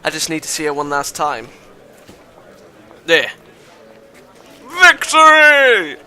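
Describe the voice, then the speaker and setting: A man reading a visual novel aloud in a dramatic voice, breaking off with loud exclamations, swearing and joking asides. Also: on the high side, fairly even intonation, fast. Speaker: visual novel let's-play reader.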